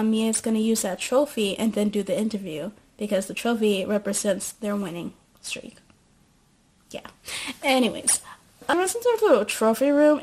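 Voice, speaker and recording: A woman's voice: fairly high pitch, a little mellow. A young woman casually recapping a TV show at home, rambling and joking with lots of fillers.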